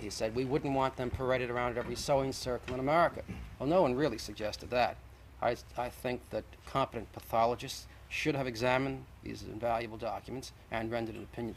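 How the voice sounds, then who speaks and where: A man's voice: mid-range voice, vocal fry, slight background noise, rough recording. A man, the guest in a televised debate, arguing insistently and methodically, point by point.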